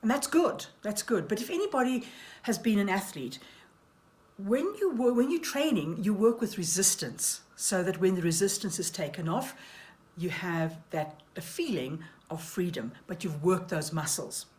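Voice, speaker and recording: A woman's voice: medium pitch, lively intonation, normal speed, a little mellow. A woman giving a voice and speech lesson for actors, demonstrating tongue exercises aloud with wry asides. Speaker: voice coach.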